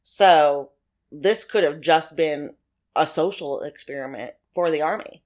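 A woman's voice: low voice, unhurried, darkish tone. A woman co-hosting a podcast, chatting casually and speculating through theories with frequent restarts. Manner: speculative, conversational, with many restarts. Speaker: podcast co-host.

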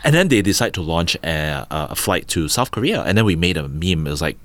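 A man in his thirties with a Singaporean English accent, a podcast guest telling business stories in a lively, chatty way, acting out quotes and ending lines with "right?". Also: low voice, a little fast, no room sound. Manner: animated storyteller, acts out quotes, tag questions "right?". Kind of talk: casual storytelling interview.

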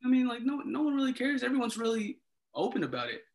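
A man telling a story in casual conversation, animated and acting out the dialogue, with many fillers. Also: extremely high pitch, quick pace. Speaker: former resident assistant.

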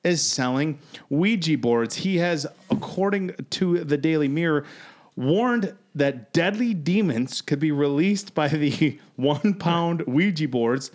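A man hosting a podcast in casual, joking chat, with a somewhat high voice. He talks in a skeptical, loose way and swears freely. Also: lively intonation, slow pace, darkish tone. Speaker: podcast host.

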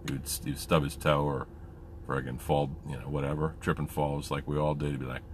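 A man's voice: a bass voice, little pitch movement, fairly quick, slight background noise. A man and military veteran talking candidly in a casual monologue, rambling with many fillers.

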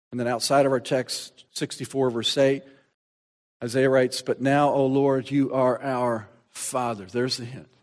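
Soft-then-loud preaching man, slow pace. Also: mid-range voice. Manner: swings from soft and slow to loud, shouted proclamation; reads scripture aloud with emphasis. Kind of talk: sermon.

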